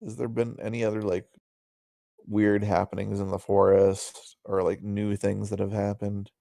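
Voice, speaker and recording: A man's voice: on the low side, completely flat delivery, moderate pace, creaky, warm tone, dry recording. A man playing his character in a tabletop game, casual and joking, often hesitating for words. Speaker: player. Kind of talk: in-character tabletop role-play.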